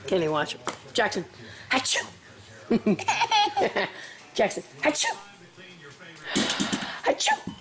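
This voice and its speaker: A mother talking baby talk to her infant son at home, coaxing him with sing-song, repetitive prompts. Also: medium pitch.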